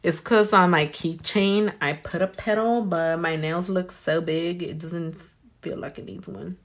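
A woman's voice: on the low side, steady tone, measured pace. A young woman doing her nails on camera, chatting casually, swearing, talking to herself, and dropping in Spanish phrases. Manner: chatty, profane, talks to herself and her hands. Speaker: nail artist. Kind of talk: casual vlog chat while doing nails.

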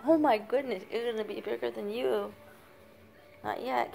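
An older woman, a grandmother babysitting, softly narrating a home video in an upstairs family room, often dropping to a whisper and coaxing the little ones. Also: a little high, moderate pace, gravelly, long pauses, faint music behind. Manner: soft-spoken, often hushed to a whisper; coaxing, praising grandmotherly baby talk. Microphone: handheld phone camera.

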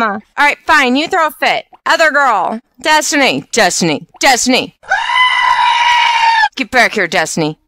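A woman with a high, bright voice commentates her life-sim game. She barks orders and scolds the little characters on screen with exasperated bossiness. Her tone stays sharp and lively throughout. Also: dry recording. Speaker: let's play host. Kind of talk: gameplay commentary.

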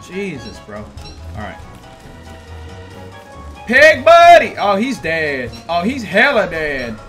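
A young man streaming a game, talking to himself in bursts that swing from loud yelps to low mutters. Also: wildly swooping pitch, takes it slowly. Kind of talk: gaming commentary. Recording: game music underneath. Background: game music.

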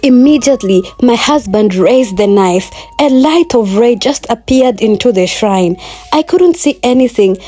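A woman's voice: fairly high pitch, expressive, unhurried, dark tone. Earnest woman telling a moral folktale. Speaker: storyteller. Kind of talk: first-person story narration.

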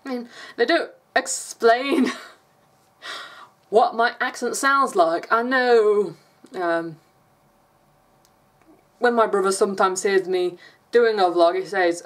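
A woman's voice: mid-range voice, slow, pauses often. A woman from England with an English accent, chatting casually in a rambling vlog and laughing often. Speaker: vlogger.

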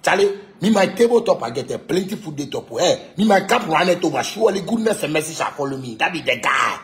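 A man speaking in a Ghanaian Pidgin English accent, with a voice that sits fairly high for a man. He rants in a boastful, taunting way, swears freely and hammers the same phrases over and over. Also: very animated, fast talker. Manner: repetitive, insistent. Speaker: musician. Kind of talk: ranting monologue.

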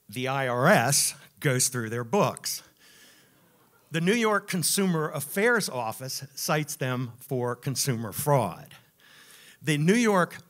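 A man performs a true story live on stage, animated and wry as he builds toward each punchline. His pitch sits a little above average for a man and swings widely as he talks. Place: music club stage.

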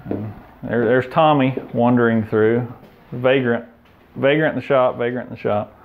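A man giving a relaxed, plain-spoken tour of his indoor workshop, pointing out machines and tools. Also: medium pitch, normal speed, narrow, tinny audio, slight background noise. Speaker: shop owner giving a tour. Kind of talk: casual walkthrough tour.

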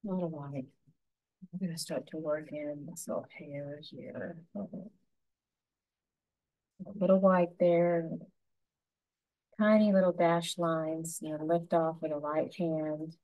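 A woman giving a gentle, unhurried painting tutorial, talking through each brushstroke as she works. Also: low voice, little pitch movement, muffled recording. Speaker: painting instructor.

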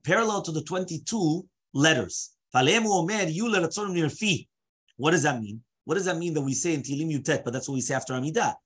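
A man's voice: a little high, lively intonation, quick pace, fairly bright tone, husky. A man teaching a Torah class as a rabbi, mixing Hebrew phrases into English and asking rhetorical questions.

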